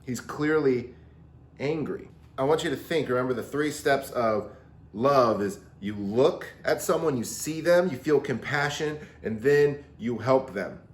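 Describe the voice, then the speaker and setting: A man teaching a recorded Bible lesson to teenagers, talking in a lively way and acting out quotes in different voices. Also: medium pitch, unhurried. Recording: roomy echo.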